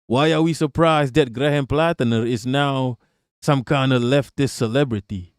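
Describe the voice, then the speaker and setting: A man with a medium-pitched, clear and resonant voice speaks at a moderate pace, recorded cleanly in a studio with no room sound. He hosts a live stream, reacting to news and bantering with his chat in a profane, sarcastic style of casual commentary.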